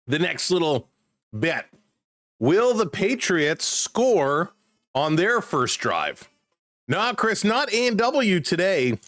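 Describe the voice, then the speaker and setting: A man casually calling football play-by-play on a live stream, chatting excitedly with viewers. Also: a little high, no room sound.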